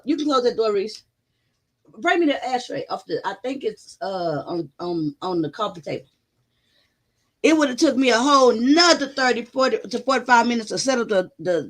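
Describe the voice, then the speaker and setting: A woman hosts a casual livestream from her home, talking straight into her phone to her chat. Her voice sits high and rings bright and forceful. She tells her story loudly and with lots of animation, and she swears freely as she goes. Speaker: livestream host.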